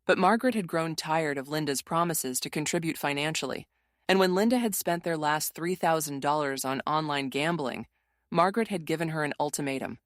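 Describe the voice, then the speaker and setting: A woman narrating a first-person family drama story in a steady, measured way. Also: sits low, no room sound, studio quality.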